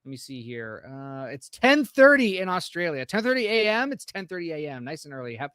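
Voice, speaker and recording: A man's voice: on the high side, sing-song, fairly quick, bright, forceful tone, smooth, no room sound, studio quality. A man co-hosting a casual live-stream podcast, upbeat as he greets viewers in the chat by name. He rambles with fillers and restarts along the way. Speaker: podcast co-host.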